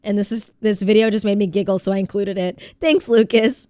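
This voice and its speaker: A woman streams from home with a stuffy head cold and chats casually with her viewers. She giggles often and reads their messages aloud. Her voice sits at a middling pitch on a dry, close mic. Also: steady tone, fairly quick, warm tone, dry recording. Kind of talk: casual chat with chat.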